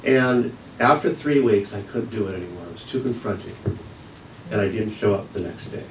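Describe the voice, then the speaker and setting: A man's voice: on the low side, moderate pace. A man giving an earnest, reflective personal testimony as a guest speaker at a church service. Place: church sanctuary. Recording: echoey room, distant mic, faint hiss.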